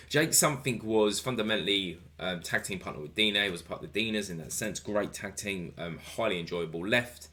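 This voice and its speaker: Brief: lower-voiced man, excitable solo podcast reviewer, casual swearing. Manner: enthusiastic, rambling, swears casually. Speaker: wrestling show reviewer.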